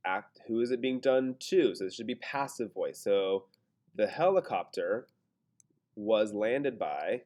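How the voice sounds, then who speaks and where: A man's voice: mid-range voice, lively intonation, normal speed, darkish tone. Casual man thinking aloud through a lesson. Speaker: teacher. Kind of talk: screen-recorded grammar lesson.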